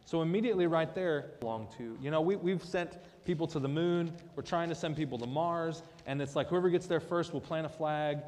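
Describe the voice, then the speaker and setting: A man's voice: a little high, fairly quick, hardly any pauses, a little mellow, long reverb tail. Man giving a casual sermon in church. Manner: conversational, joking asides. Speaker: pastor. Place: church sanctuary.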